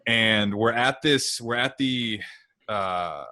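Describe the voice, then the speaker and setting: A man from Michigan co-hosting a podcast, telling stories in a casual, animated way with quick asides. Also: medium pitch. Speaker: podcast co-host.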